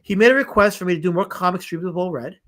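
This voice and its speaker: A man with a Southern US accent hosting a casual comics live stream, animated and jokey, repeating himself as he reads the chat aloud. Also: high-pitched, fast.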